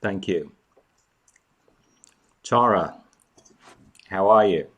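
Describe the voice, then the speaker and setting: A man's voice: low voice, drawn-out words, breathy edge, muffled recording. A man hosting a casual live chat from home, greeting viewers by name and snacking as he talks. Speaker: live stream host.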